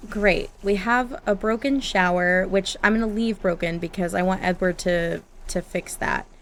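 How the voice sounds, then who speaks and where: A woman's voice: medium pitch, moderate pace, slight background noise. A woman doing casual, chatty gameplay commentary from her home office, giggling and talking to her game characters. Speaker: gaming YouTuber.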